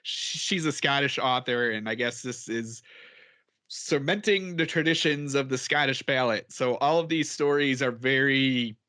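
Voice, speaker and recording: A man's voice: mid-range voice, unhurried, bright, forceful tone, clear, resonant tone. A man co-hosting a podcast in casual chat, rambling and chatty and laughing often as he talks. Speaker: podcast co-host.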